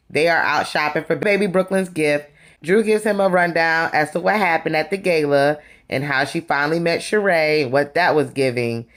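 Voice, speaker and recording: A reviewer recapping a reality show in casual gossip style, chatty and sassy, calling viewers "you guys" and "honey.". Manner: lively, swings between excited highs and low asides.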